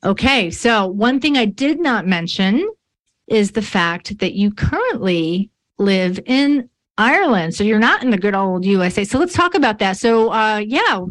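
A woman's voice: medium pitch, sing-song, measured pace. A woman from New York State hosting an interview, chatty and bubbly, laughing at herself. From New York State, USA. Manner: bubbly, chatty, self-mocking. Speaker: podcast host. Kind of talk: casual interview chat.

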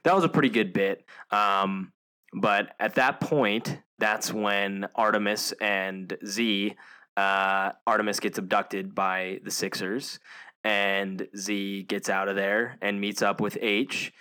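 A man hosting a casual movie discussion podcast, rambling with many fillers and pauses. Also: fairly low pitch, pushed and bright, clear, resonant tone. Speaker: podcast host.

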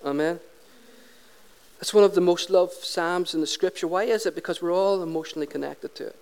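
High-voiced, smooth preacher. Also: male voice, fast talker, a little mellow. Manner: humorous, conversational, asks the congregation questions. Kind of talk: sermon.

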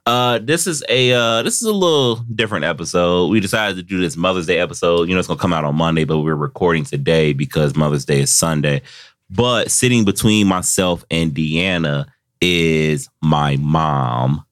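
A man with a very deep voice hosts a podcast, joking and teasing his guests in loose slang. He sounds close to the studio mic, and the sound is dry with no room echo. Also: moderate pace, fairly bright tone. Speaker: podcast host. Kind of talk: casual chat.

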